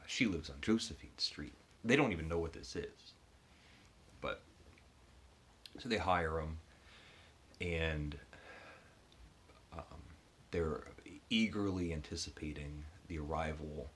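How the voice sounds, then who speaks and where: A man giving a casual book review, retelling the story in a halting way with frequent restarts. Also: extremely low pitch, steady tone, a little hiss or hum.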